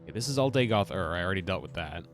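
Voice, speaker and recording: Dude streaming a game, wry and muttery, lively up and down voice, game music playing under it. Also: male voice, sits low, rapid-fire. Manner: wry, muttering, reads quest text aloud. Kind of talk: casual gameplay commentary.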